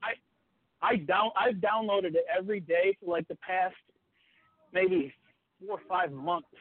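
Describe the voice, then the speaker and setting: A man's voice: high voice, unhurried, no echo, phone-quality sound. A man calling into a podcast, chatting in a rambling, easygoing way. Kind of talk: casual chat.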